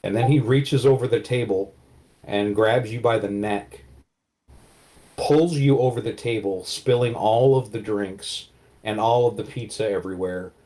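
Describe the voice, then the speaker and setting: A man's voice: fairly low pitch, a little slow, dark tone. A man narrating as game master, in vivid, casual storytelling with many fillers.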